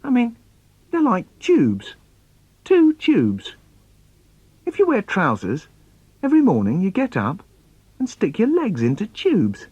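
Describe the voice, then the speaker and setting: A playful London children's poet recites story poems for kids in a high, breathy voice, going slowly with frequent pauses and a swooping, expressive delivery. The recording is dry with the highs cut off.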